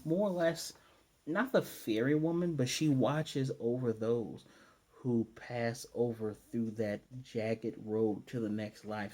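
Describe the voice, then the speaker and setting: A man hosting an anime review, recapping an episode in an excitable, rambling way and slipping into quick character impressions. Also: mid-range voice. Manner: excitable and rambling, often restarts sentences. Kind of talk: casual spoken episode recap.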